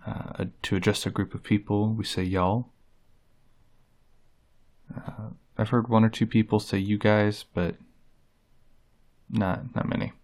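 A man with a drawl talks slowly through a casual vlog, his voice sitting fairly low. He reads each item off a list, pausing on drawn-out "uh" fillers between them. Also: flat delivery, darkish tone. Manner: unhurried, reads words off a list with many "uh" fillers. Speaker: vlogger. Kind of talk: casual accent-tag video.

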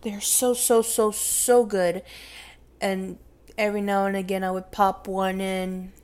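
A woman's voice: medium pitch, flat delivery, unhurried, smooth. A young woman with a Southern US accent, chatting casually as she answers question prompts, rambling, correcting herself and laughing, sometimes dropping to a whisper. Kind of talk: casual chat.

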